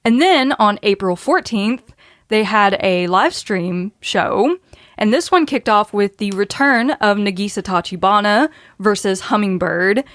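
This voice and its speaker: A woman's voice: mid-range voice, expressive, unhurried, no echo, studio quality. A woman hosting a podcast, running through match results in a casual way and laughing often. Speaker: podcast host.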